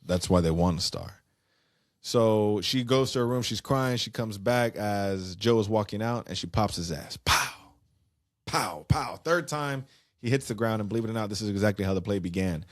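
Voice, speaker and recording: A man co-hosting a podcast, casually recapping a musical's plot in an animated, slangy way. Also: on the low side, brisk, dry recording, clean studio sound. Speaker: podcast co-host.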